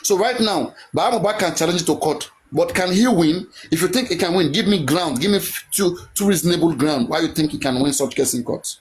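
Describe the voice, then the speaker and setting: A man pressing his point in a live online argument. His voice sits a little high, and faint noise runs under it. He talks over others and repeats his demands. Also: fairly quick, few pauses. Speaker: debate participant. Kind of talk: heated online live debate.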